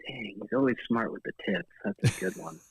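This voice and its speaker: A man guesting on a casual chat show, laid-back and full of fillers, jumping up in pitch when he quotes himself. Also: animated, fairly quick, vocal fry, low-quality recording. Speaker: guest photographer.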